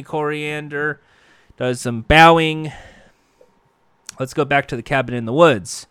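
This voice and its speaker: A man's voice: a little high, unhurried, pauses often, a bit bright, smooth, no echo. A man casually recapping a show with jokey, profane, self-mocking asides.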